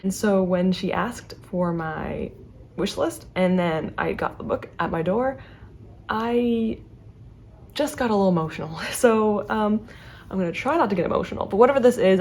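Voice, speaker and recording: Talking fast to the camera, this young adult book vlogger has a mid-range, somewhat dark voice. Her casual, chatty delivery is full of fillers and self-corrections.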